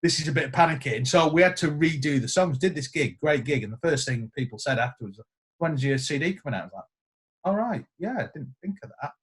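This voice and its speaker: A man's voice: fairly high pitch, fast. A man, a guest guitarist, telling stories in casual podcast chat and acting out the quotes. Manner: animated storyteller acting out quotes.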